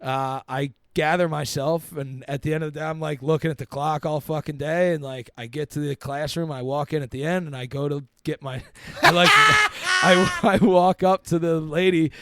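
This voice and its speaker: Gravelly, profane young man telling a story. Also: fairly high pitch, lively intonation, moderate pace, bright, forceful tone, a little hiss or hum. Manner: laid-back, profane, laughs while telling. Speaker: podcast guest, comedian. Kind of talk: casual storytelling.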